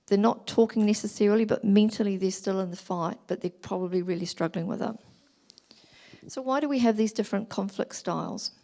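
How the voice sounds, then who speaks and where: A middle-aged woman giving a talk at a church family weekend, explaining gently and acting out examples. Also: mid-range voice, a little fast, vocal fry. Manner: gentle, explanatory, acts out examples in quoted voices.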